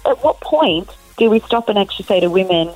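A woman's voice: medium pitch, expressive, a little fast, darkish tone, no room sound, faint music behind, low-quality recording. A woman, speaking frankly as an expert guest on a radio talk show. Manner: articulate, explaining frankly. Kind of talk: radio discussion.

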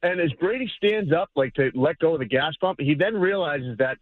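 A man calling in to a radio show and telling a story with animated energy. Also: a little high, normal speed, no echo. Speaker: caller. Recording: tinny phone line.

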